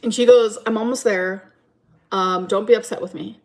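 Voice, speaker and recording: A woman's voice: mid-range voice, steady tone, normal speed, darkish tone. A woman streaming from home, chatting casually and rambling through a story time while answering her chat.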